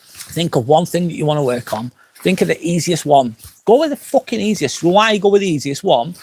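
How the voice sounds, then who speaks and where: A man's voice: fairly high pitch, expressive, normal speed, a little mellow, a little hiss or hum. A man in his forties, tipsy and slurring, chatting frankly on a live stream and answering comments outdoors at night, swearing often as he rambles. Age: 40s. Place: outdoors at night by a campsite fire pit.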